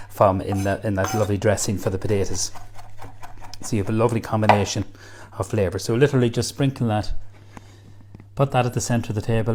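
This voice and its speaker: A man's voice: lowish voice, a little mellow, slight background noise. An Irish man demonstrating a recipe in a kitchen, chatty and enthusiastic, full of praise for the food. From Ireland. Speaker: cook. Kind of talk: cooking demonstration.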